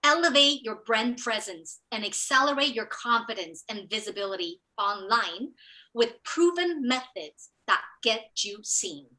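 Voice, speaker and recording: A woman with a high, bright voice leads a motivational online training. She talks eagerly and emphatically, often restarting her phrases, heard through a computer mic on a video call. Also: animated, a little slow, rough recording. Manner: enthusiastic, emphatic, with frequent restarts. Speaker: business coach hosting an online training.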